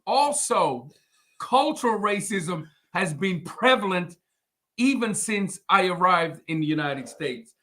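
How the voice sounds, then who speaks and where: High, bright-voiced earnest man. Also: lively intonation. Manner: earnest, halting. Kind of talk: casual discussion.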